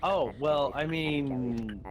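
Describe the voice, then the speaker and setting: A man's voice: fairly high pitch, drawn-out words, over music. A tired man chatting and joking with friends over voice chat in a laid-back way.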